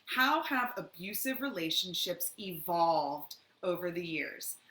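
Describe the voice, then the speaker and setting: Speaking slowly with lively intonation, a woman with a lowish, sharp-toned voice takes viewer questions in a sincere Q&A about domestic violence, which is her field as an educator. She illustrates answers by acting out examples, and the room is echoey with faint noise behind her.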